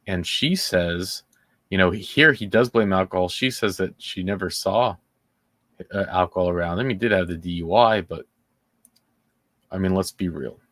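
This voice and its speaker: A man with a lowish voice talks through a case as a commentary host. He sounds indignant and sarcastic, and he stumbles and restarts his sentences often. The sound is dry and close, with no room around it. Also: fairly bright tone, no echo. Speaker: true-crime commentary host. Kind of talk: casual commentary.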